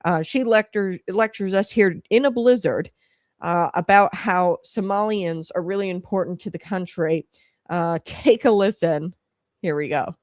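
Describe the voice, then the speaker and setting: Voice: mid-range voice, measured pace, a little mellow, no room sound. Commentary show host, rambling, scornful, lots of fillers, dry close recording. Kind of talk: casual political commentary.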